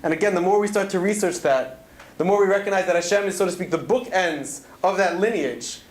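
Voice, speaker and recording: Earnest man, fairly high voice, storytelling Torah talk, roomy hall echo. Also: fairly quick. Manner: earnest storytelling, weaving in Hebrew terms. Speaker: speaker at a student event. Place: event hall.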